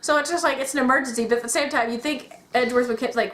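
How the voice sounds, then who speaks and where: A woman chatting casually as a podcast co-host, acting out quotes with big jumps in pitch. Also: fairly even intonation, very fast, few pauses, a bit bright. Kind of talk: casual chat about video games. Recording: echoey room.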